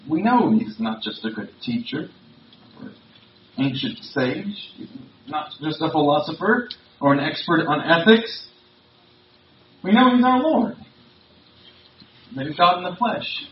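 Male pastor, mid-pitched, conversational sermon delivery with emphasis; echoey, distant, muffled church recording. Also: animated, a little slow, pauses often, a little hiss or hum. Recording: roomy, distant, dull sound.

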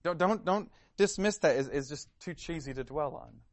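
A man's voice: fairly high pitch, animated, moderate pace, no room sound. A man preaching a sermon, earnest and questioning, sometimes repeating words as he starts a phrase. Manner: earnest, searching questions, some stammered repeats.

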